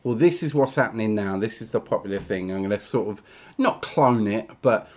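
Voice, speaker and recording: A man, chatting casually as a podcast host. His voice sits fairly low, and he tells jokey, rambling stories in a laid-back way. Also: lively intonation, brisk, a little mellow. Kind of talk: casual chat.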